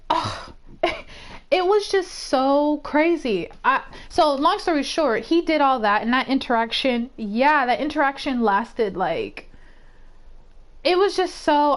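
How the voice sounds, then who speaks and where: A woman streamer telling a story in a casual, profane, animated way, rising to heated outbursts. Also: high voice. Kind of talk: casual storytime while gaming. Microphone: desk microphone.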